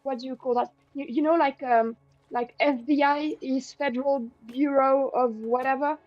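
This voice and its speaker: A woman with a French accent and French as her first language, tutoring casually and pausing to search for words. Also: sits high, fairly even intonation, no room sound, lo-fi sound, soft background music. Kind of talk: casual explaining.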